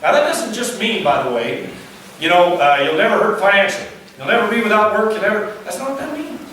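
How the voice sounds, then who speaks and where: Male pastor, high-pitched, chatty sermon delivery with rhetorical questions, booming church echo, captured from afar. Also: big pitch swings, fast, a bit bright. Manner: conversational preaching with frequent check-ins and rhetorical questions. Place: church sanctuary. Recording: echoey church hall from a distance, faint noise.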